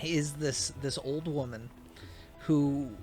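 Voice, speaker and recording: A man's voice: a little high, slow pace, faint music behind. A young man co-hosting a podcast, chatting casually while playing a video game and telling stories animatedly. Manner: animated storyteller, swears casually. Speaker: podcast co-host.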